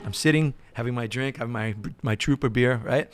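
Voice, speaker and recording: A middle-aged man with a New York accent, telling an animated story as a podcast guest. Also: mid-range voice, brisk, smooth, no echo. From United States. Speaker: guest musician. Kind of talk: storytelling in casual chat.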